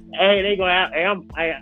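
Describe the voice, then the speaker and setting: Lively high-voiced man laughing on a tinny line. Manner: animated, joking, laughs often. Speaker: podcast co-host. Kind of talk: casual chat.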